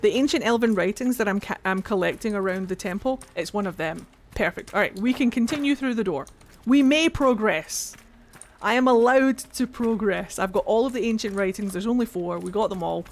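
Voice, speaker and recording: A man's voice: sits high, fast, few pauses, slight background noise. A man with a Scottish accent giving casual, rambling let's-play commentary, mocking himself and thinking aloud. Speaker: streamer playing a game.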